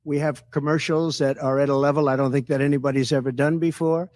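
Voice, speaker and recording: Answering reporters at a press conference, this candidate brags and drives his points home through repetition, his voice pitched a bit high for a man. His delivery is flat, fast and darkish in tone, captured dry and close with no echo.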